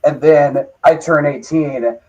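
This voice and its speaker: Man, 40s, measured casual chat, fillers, muffled lo-fi audio. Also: fairly high pitch, steady tone, a little mellow. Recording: dull lo-fi sound.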